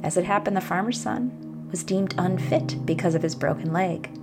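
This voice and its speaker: Gentle woman host with gravelly tone. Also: fairly low pitch, normal speed. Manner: gentle, encouraging, occasionally whispered. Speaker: podcast host. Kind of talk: reflective monologue with storytelling. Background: background music.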